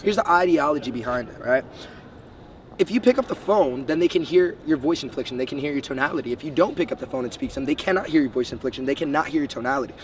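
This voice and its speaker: Brisk fast-talking young man coaching. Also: a little high, expressive. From Bahamas. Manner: brisk, emphatic, lays out numbered steps. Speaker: sales trainer. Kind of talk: motivational coaching talk. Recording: distant mic, faint street noise.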